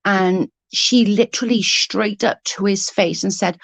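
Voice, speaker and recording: A woman's voice: medium pitch, moderate pace, gravelly, few pauses, no echo. A woman in her thirties telling a story on her vlog in a casual, heated way, swearing freely and acting out what was said. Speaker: vlogger.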